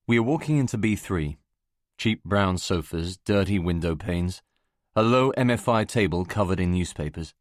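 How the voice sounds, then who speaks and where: A man giving measured, scripted first-person narration of a novel for an audiobook. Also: sits low, lively intonation, no room sound, clean studio sound.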